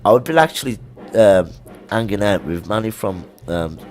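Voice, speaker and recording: A man's voice: on the low side, animated, normal speed, darkish tone. A middle-aged man with a Birmingham accent, a musician guest in a studio, telling rambling stories in a casual interview. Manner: rambling anecdotal storytelling.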